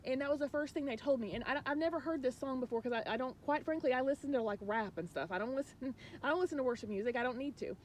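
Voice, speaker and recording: A woman with a fairly high voice talks straight to her viewers as a spiritual coach. She is earnest and rambling, restarting her sentences often as she confides her feelings, and a faint low rumble sits underneath. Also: fast talker. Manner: emotional, confiding. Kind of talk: casual spiritual message to viewers.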